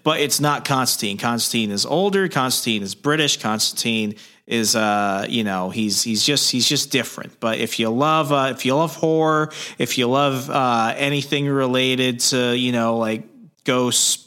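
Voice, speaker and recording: A man's voice: medium pitch, normal speed, sharp tone, clear, resonant tone. A man co-hosting a casual podcast, eagerly explaining a character's background, listing facts with plenty of fillers. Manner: enthusiastic explainer, lists facts, many fillers. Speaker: podcast co-host. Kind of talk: casual chat.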